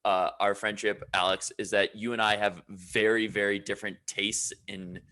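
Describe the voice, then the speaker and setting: A man's voice: fairly low pitch, little pitch movement, moderate pace, bright, forceful tone. A man co-hosting a casual podcast, talking in an earnest, reflective way and drifting onto side topics. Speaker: podcast co-host. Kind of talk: casual chat.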